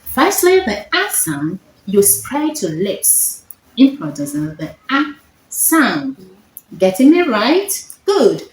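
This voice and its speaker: A woman tutoring phonics one-on-one, speaking slowly and repeating herself to check that her student follows. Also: sits high, big pitch swings. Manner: slow, repetitive teacher checking understanding. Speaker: phonetics tutor. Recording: echoey room with faint noise.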